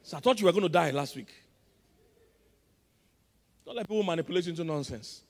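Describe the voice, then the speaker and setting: Nigerian pastor preaching loud then soft, high-ish voice, long echo from a big church. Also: male voice, lively intonation, a little fast. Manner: emphatic call-and-response preaching, swinging between loud and soft. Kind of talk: sermon. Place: large church auditorium.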